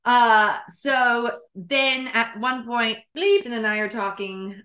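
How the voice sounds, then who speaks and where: Bright-voiced young woman telling a story. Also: fairly high pitch, slow, echoey room. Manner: animated, laughing, swearing freely. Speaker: podcast co-host. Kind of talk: casual storytelling chat.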